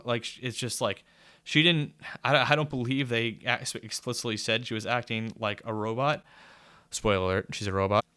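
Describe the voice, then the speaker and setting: A man's voice: medium pitch, steady tone, normal speed, sharp tone, clean tone, no echo. Man, mid-range voice, rambling profane book reviewer, clean dry sound. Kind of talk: casual spoken review.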